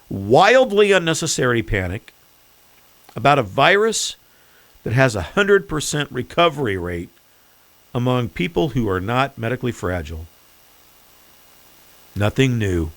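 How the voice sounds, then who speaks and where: A male podcast host delivering political commentary with a sarcastic, mocking edge. His voice sits at a middle pitch but swings up and down a great deal as he talks. The sound is dry and close, with almost no room around it. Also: fairly bright tone, no room sound.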